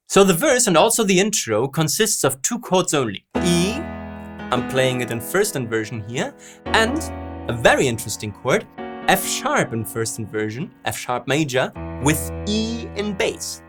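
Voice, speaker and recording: A man hosts a songwriting lesson, analyzing a song by walking through its lyrics and chords and sounding out rhythms and stresses. His voice is a little high and a bit bright.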